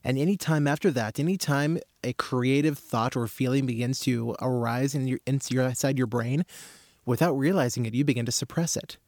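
A man explaining his therapy method in a casual talk, acting out little scenes with growing excitement. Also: mid-range voice, moderate pace, no room sound, clean studio sound. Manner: animated storyteller, acts out scenes with rising excitement.

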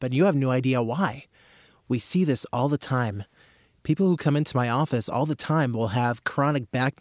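Animated man telling a story, dry sound. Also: mid-range voice, no room sound. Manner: animated storyteller, acts out scenes with rising excitement. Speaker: practitioner explaining his therapy method. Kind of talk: casual explanatory talk.

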